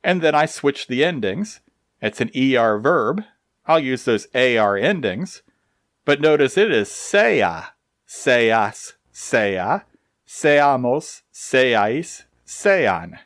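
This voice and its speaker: A man explaining grammar in a slow, deliberate recorded lesson, with touches of dry humor. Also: medium pitch, very animated, a bit bright, dry recording. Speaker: Spanish teacher.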